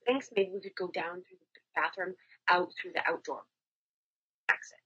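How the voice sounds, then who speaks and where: A woman's voice: fairly low pitch, moderate pace, sharp tone, husky. Casual woman player, lo-fi mic. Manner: casual, restarting often. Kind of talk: tabletop role-play.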